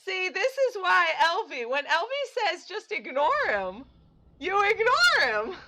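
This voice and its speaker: Casting: excitable woman gamer, high bright voice, unhurried, faint game music under her. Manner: excitable, exclaiming and laughing at the game. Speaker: gamer playing on a channel. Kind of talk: casual let's-play commentary.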